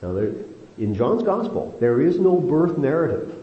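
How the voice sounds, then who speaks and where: A man teaching a Bible study, lively and animated, leaning on slow emphatic stretches. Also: on the high side. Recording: roomy, dull lo-fi sound with faint noise.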